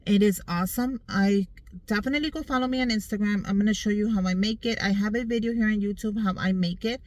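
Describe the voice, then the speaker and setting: A woman's voice: medium pitch, fast talker, no room sound, poor audio. A woman in her thirties telling her health story in a casual vlog, earnest and upbeat, talking straight to viewers from a car. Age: 30s. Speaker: vlogger. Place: in a parked car outdoors in sun.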